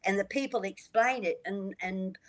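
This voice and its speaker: An older woman tells her story on the radio with lively energy. She slips into the voices of the people in her tale as she goes. Her voice sits at a middle pitch. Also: normal speed, low-quality recording. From Australia. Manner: lively storyteller acting out dialogue. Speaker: guest. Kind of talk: storytelling interview.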